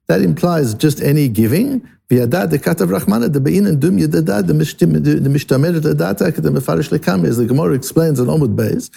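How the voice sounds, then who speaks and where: A man giving a Talmud lesson with a gravelly, mellow voice that sits a little high. He explains each step carefully, often repeating and restarting words, and weaves Hebrew and Aramaic terms into his English. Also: lively intonation, fast talker, hardly any pauses. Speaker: Talmud teacher.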